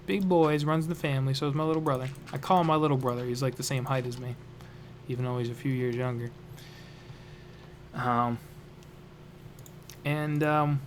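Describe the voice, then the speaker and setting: A man's voice: medium pitch, a little hiss or hum. A young man casually telling a funny family story on a vlog, rambling and joking. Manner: rambling, lots of fillers and restarts, jokey.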